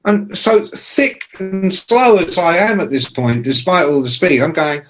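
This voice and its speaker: A man in his sixties, a rock journalist telling profane, lively anecdotes as a podcast guest. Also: on the high side, a little slow, few pauses. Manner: lively, profane, acts out quoted voices. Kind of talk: anecdotal storytelling in a podcast interview.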